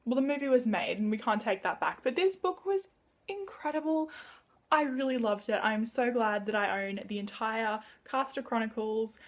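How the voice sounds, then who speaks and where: Woman, book vlogger, excitable, chatty, gushing, slightly high voice. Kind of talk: casual book wrap-up vlog.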